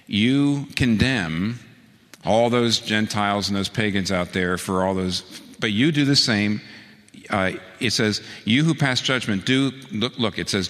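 Bright-voiced man preaching in a hall. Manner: storytelling, voices quoted lines with big pitch jumps. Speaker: pastor. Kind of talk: sermon.

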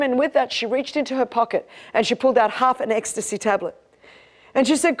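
A high-voiced Australian woman in her fifties preaches with fervent emphasis. She builds to rousing, repeated declarations, then drops into quieter, intimate storytelling. Her delivery is a pastor's: urgent, heartfelt and driven. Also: brisk. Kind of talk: sermon.

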